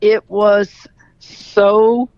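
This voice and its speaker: Forthright woman with gravelly voice. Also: medium pitch, level tone, very slow, a little mellow, dry recording, lo-fi sound. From Louisiana. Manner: forthright, storytelling, emphatic. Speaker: head basketball coach. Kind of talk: interview answers.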